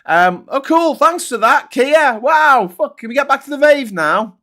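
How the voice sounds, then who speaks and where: A man's voice: very high-pitched, expressive, measured pace, pushed and bright. A middle-aged man hosting a casual morning show, reviewing headlines in a sweary, sarcastic and openly vexed way. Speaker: host. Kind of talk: casual commentary on newspaper headlines.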